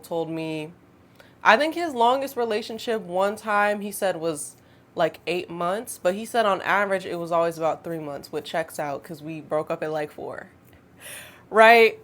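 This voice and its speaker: A woman, telling a storytime vlog in a chatty, animated way with laughing asides. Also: fairly low pitch. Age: 20s. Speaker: storytime vlogger. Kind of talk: casual storytime monologue.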